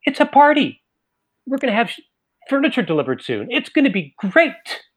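A man voicing an eager, nervous teenage boy who hosts a party, speaking high and stammering. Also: huge pitch swings, normal speed, exaggerated voice. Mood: beaming.

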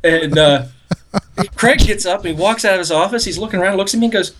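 A man's voice: high-pitched, fast, a bit bright, slight background noise. Podcast co-host, male, rambling storyteller who laughs at his own prank tale. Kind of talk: casual storytelling.

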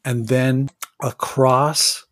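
Male game master, measured scene-setting narration, dry close sound. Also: medium pitch, steady tone, fairly bright tone, no room sound. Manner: describes scenes in slow, measured detail.

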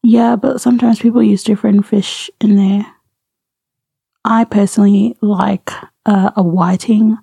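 Gravelly-voiced Australian woman. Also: medium pitch, fairly even intonation, measured pace, dark tone, no room sound. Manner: giggly, teasing banter. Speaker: podcast co-host. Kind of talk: casual chat.

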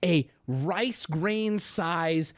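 A man's voice: on the high side, animated, extremely slow. A man telling a story on his stream as a profane, self-mocking rant, getting heated as it goes.

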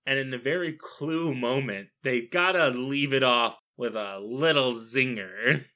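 Podcast co-host riffing on a movie, bright sound, dry little jokes. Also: mid-range voice, a little slow. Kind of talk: casual film review chat.

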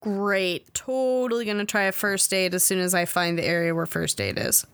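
A woman's voice: medium pitch, normal speed, a bit bright, clear, resonant tone, no echo, clean studio sound. A woman playing a tabletop game, polite and eager. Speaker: player. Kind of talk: tabletop role-play.

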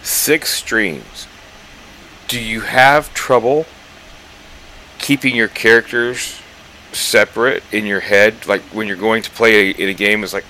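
Male co-host, very low but forceful voice, faint hum behind. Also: steady tone, unhurried, low-quality recording. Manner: dry joking asides. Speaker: podcast co-host. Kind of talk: casual chat.

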